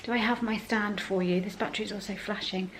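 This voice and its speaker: A young woman, chatting casually to camera in a vlog about family life, laughing often and talking softly to her son. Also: medium pitch, fairly even intonation, a little fast, background noise. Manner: chatty and self-deprecating, often laughing, with soft baby talk to her son. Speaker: vlogger. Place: home and outdoors in town.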